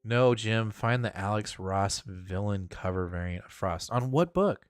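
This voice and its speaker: Excitable man chatting about comics. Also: fairly low pitch, measured pace, smooth, dry recording, studio quality. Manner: excitable, swears casually, filler-heavy. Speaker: podcast co-host. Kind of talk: casual comic book review chat.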